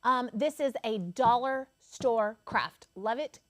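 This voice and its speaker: A woman co-hosting a crafting chat, telling stories with lively acted-out voices. Her voice sits a little high. The sound is dry and close. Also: takes it slowly, no echo. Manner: animated storyteller, acts out quotes. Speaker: craft channel co-host. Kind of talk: casual chat.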